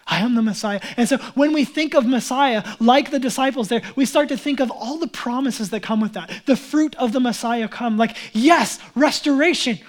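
A man's voice: extremely high pitch, normal speed, few pauses. A man preaching a sermon as pastor, talking casually and conversationally with many "like"s and acting out Bible figures in quoted speech. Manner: casual and conversational, heavy use of "like".

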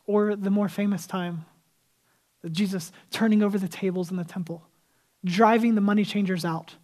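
A man's voice: high voice, fairly even intonation, moderate pace, darkish tone. A male pastor preaching a sermon in a casual, conversational way, acting out the people he quotes and dropping to a whisper for emphasis.

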